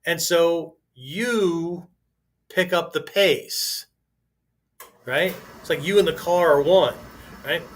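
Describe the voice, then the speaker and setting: A man talks off the cuff as a podcast host, his voice sitting a little higher than most men's. He restarts sentences as he thinks aloud and keeps checking in with the listener with a "right?" after almost every point. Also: slow, pauses often. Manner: conversational, constantly asks "right?", restarts sentences. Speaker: podcast host and martial arts teacher. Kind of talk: casual podcast monologue.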